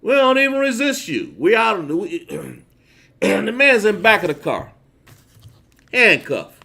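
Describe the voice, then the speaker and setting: Man preacher on a phone stream, slightly high, lively swings, emphatic and drawn out. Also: creaky, breathy edge. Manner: emphatic, drawn-out stresses, chats with viewers between verses. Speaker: livestream preacher. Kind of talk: sermon with scripture reading.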